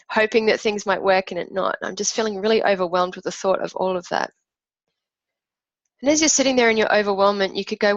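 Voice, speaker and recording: A woman's voice: mid-range voice, no room sound, muffled recording. A woman teaching an emotional technique, talking through imagined inner voices in an earnest, reflective way. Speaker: emotional wellbeing coach.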